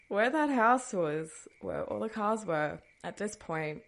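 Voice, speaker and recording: A woman's voice: medium pitch, expressive, takes it slowly, gravelly. A woman hosting a podcast, telling a personal story in a casual, chatty way, breaking into nervous laughs and trailing off with dismissive asides. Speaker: podcast host.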